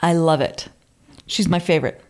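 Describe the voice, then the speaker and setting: A woman's voice: low voice, steady tone, moderate pace, a little mellow. A woman co-hosting a podcast, reading old quotes aloud with theatrical flourish and amused asides in casual chat. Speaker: podcast co-host.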